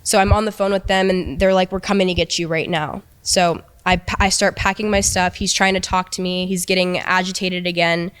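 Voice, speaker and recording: A young woman recounting a painful personal experience in a halting, hesitant way, with many restarts. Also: fairly low pitch, flat delivery, a bit bright, smooth. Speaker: person telling her story in an interview. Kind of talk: emotional personal account.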